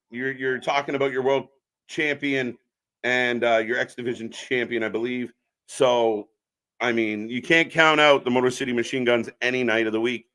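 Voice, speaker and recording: A man with a bright, forceful voice gives casual live wrestling commentary on a stream. He chats with viewers and breaks into loud reactions at big moments. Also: mid-range voice. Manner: chatty, reacts loudly to the action.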